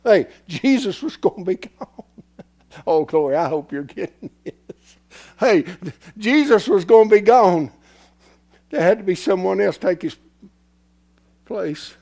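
A man preaching a sermon in a folksy, repetitive way, swinging from hushed whispers to shouts as his voice gives out. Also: sits high, lively intonation, measured pace, creaky, pauses often. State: losing his voice.

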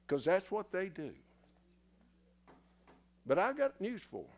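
A man's voice: sits high, very animated, slow, long pauses. A man preaching a sermon in a church in a folksy, teasing way, somewhat out of breath. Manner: folksy, teasing the congregation, spells words letter by letter.

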